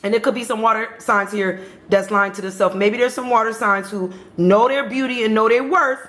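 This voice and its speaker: A woman's voice: fairly high pitch, fairly quick, a bit bright. Chatty woman reading tarot, echoey room. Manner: chatty, repetitive, addresses viewers directly. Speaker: tarot reader. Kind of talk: casual tarot reading to camera.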